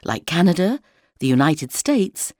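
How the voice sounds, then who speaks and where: A woman teaching a language, reading words one by one in a slow, deliberate vocabulary drill. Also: low-pitched, big pitch swings, darkish tone, no room sound, clean studio sound. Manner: deliberate, reads each word separately.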